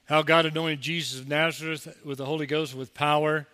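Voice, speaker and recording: A man's voice: fairly high pitch, little pitch movement, a little fast, pushed and bright, clean tone, in a large hall. A man preaching a sermon as pastor, talking conversationally and mocking the people he quotes.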